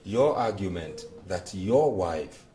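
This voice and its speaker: An actor playing a frank friend who admonishes in measured, formal words. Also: male voice, deep voice, animated, echoey room, recorded from a distance, noisy background. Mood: admonishing. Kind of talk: Nollywood film acting.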